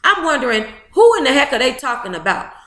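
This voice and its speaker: A woman's voice: high voice, big pitch swings, fast, fairly bright tone, reverberant. Blunt, emotive woman reading aloud. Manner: blunt, emotive, with profane asides. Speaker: book club host reading aloud to a live chat. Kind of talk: reading a memoir aloud with live commentary.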